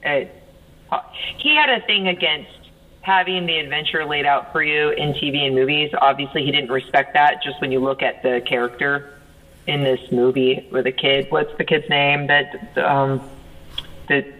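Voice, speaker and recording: A man in casual conversation, explaining at length in an animated way. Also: fairly high pitch, normal speed, low-quality recording. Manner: animated, talks in long explanatory runs. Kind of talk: casual chat.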